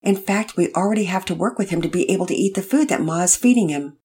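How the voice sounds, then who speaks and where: A woman's voice: lowish voice, expressive, fast, darkish tone, husky, pitched above the performer's own voice. A woman voicing a cheerful father who speaks patiently and tenderly to his son. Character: warm, cheerful father, middle-aged man.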